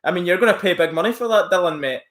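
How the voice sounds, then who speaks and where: A man's voice: high voice, rapid-fire, a bit bright. A man live-streaming from home, rambling casually as he reacts to chat messages and mocks a troll. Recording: roomy echo.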